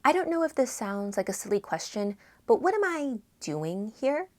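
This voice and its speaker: A jittery, bewildered man stranded in space, as a woman reads him aloud. His voice climbs high and tight when alarm sets in and swoops all over with pleading questions. The lines read like a storybook read-aloud. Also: very animated, moderate pace, a little mellow. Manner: rising, panicky pleading.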